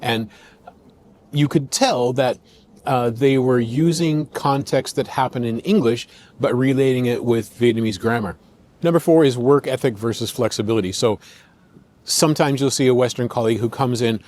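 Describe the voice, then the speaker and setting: American male podcast host, mid-pitched, chatty explainer who numbers his points and voices quotes. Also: fairly quick, a little mellow. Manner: conversational, lists points, acts out quotes. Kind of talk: explanatory commentary.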